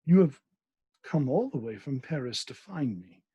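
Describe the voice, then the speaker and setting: A man reading aloud, voicing a calm, cooing, melancholy French actress in a soft, unhurried way and without a French accent. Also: mid-range voice, husky, no echo, lo-fi sound. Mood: cool, cooing.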